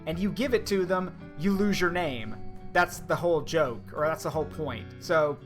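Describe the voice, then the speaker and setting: A man's voice: fairly high pitch, normal speed. A man streaming a video game, chatting in a rambling, casual way with lots of asides. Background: guitar music.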